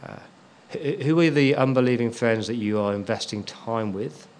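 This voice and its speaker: A man's voice: mid-range voice, moderate pace, a little mellow. A man preaching a sermon as a pastor, stressing key words and repeating them for emphasis.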